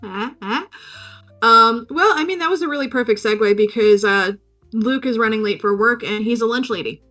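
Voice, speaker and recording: A young woman co-hosts a podcast, recapping a movie in casual, rambling, jokey chat full of "like" and "um." Her voice is on the high side, pushed and bright, at normal speed, with faint music in the background.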